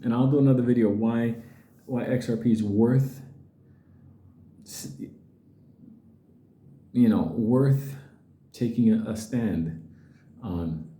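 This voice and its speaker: A man's voice: mid-range voice, slow, pauses often, dark tone, reverberant. A middle-aged man ranting casually to his viewers, blunt and profane, who often mimics other people's voices. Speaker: crypto video host.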